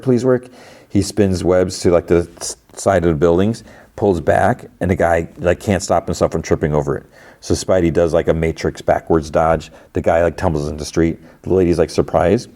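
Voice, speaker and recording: Low-voiced man rambling through a recap. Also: warm tone. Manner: rambling, lots of "like" and restarts. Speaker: podcast host. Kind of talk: casual episode recap.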